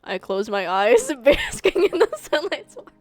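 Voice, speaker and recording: A woman's voice: high-pitched, huge pitch swings, unhurried, music in the background, full character voice. A woman voicing a bubbly, upbeat Valley Girl character in a sing-song manner while streaming a game. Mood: dreamy.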